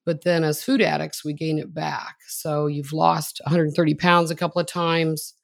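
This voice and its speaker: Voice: medium pitch, level tone, moderate pace, creaky, dry recording. A podcast host introducing a guest and asking questions in a chatty, admiring, conversational way.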